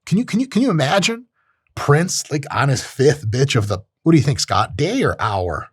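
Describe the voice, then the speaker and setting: A man's voice: medium pitch, sing-song, moderate pace, husky, dry recording, clean studio sound. A man hosting a podcast, giving a blunt, profane casual monologue and acting out short voices. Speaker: podcast host. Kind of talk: casual monologue on self-improvement.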